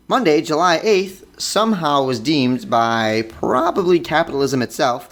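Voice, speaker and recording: Animated jokey podcast co-host, a man. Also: measured pace, hardly any pauses, faint music behind. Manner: jokey, bursts into sound effects and high squeals. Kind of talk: casual geeky podcast chat.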